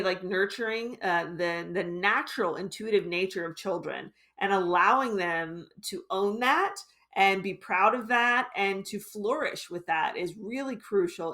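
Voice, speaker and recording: A woman's voice: medium pitch, fairly bright tone. A woman author as interview guest, earnest and explanatory, thinking aloud as she talks. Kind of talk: casual interview chat.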